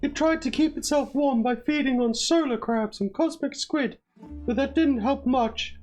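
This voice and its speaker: A soft-spoken, big male himbo from the Highlands, played by a woman tells his story in a gentle, mournful way in a video game. The voice sits fairly high. Faint music plays underneath. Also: low-quality recording.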